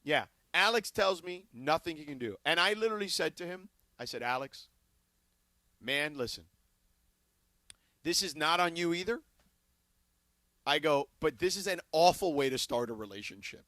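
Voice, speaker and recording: A man on a radio studio mic tells a story with animated flair, playing out both sides of a conversation. His voice sits fairly high and sounds bright and forceful. The sound is close and dry. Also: moderate pace, long pauses, no room sound. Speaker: radio sports talk co-host. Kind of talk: casual radio talk storytelling. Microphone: studio broadcast mic.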